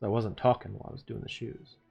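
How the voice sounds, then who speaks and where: A man's voice: on the low side, flat delivery, fast talker, creaky, a little mellow, breathy edge, muffled recording, soft background music. A man streaming as he draws, chatting in a rambling, laid-back way and chuckling to himself. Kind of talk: casual chat while drawing.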